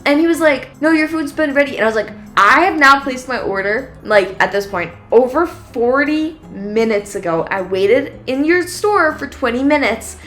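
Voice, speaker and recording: Young woman, podcast co-host, chatty storytelling, lively quoted back-and-forth, faint music behind. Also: high voice, moderate pace, hardly any pauses. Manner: animated storyteller, acts out quoted exchanges with many "like"s. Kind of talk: casual storytelling chat.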